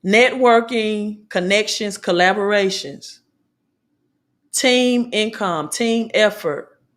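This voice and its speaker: A woman's voice: mid-range voice, takes it slowly. A woman with a Southern American accent, hosting a motivational business talk and preaching in repeated slogans and alliterations. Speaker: host.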